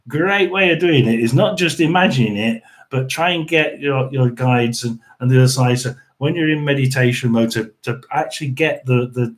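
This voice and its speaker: Guy rambling on his live stream, lots of restarts and throat clearing. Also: mid-range voice. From United Kingdom. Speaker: host of a tarot and paranormal live stream. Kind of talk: casual live-stream chat.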